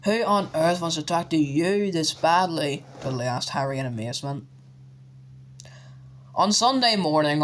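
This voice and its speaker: A man narrating an audiobook with steady storytelling. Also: on the high side.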